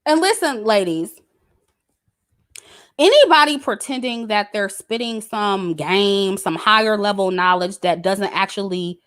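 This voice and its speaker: A woman's voice: medium pitch, a little slow, fairly bright tone. A woman, giving a blunt, emphatic commentary straight to her audience, cursing and repeating her points. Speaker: YouTube commentator. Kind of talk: casual direct-to-camera rant.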